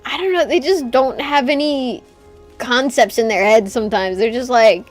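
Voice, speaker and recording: A woman's voice: fairly high pitch, normal speed, faint music behind. A woman streamer chatting casually while gaming, ranting with swearing and laughs.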